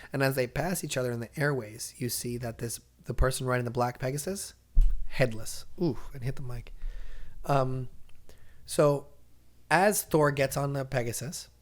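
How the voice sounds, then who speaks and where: A man hosting a casual comics podcast, retelling a story in an animated way and acting out the characters' lines. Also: mid-range voice, moderate pace. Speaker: comics explainer host.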